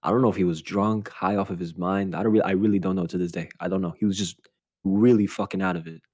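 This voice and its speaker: A young man hosting a podcast, telling an animated story in casual chat, swearing often and laughing as he talks. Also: low-pitched, fast. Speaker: podcast host.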